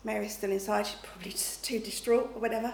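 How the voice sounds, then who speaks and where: In an echoey room with faint background noise, a middle-aged woman delivers a chatty, conversational sermon. Her mid-range voice is steady, fast, creaky and a little mellow, and she often checks in with "okay?" and "you know."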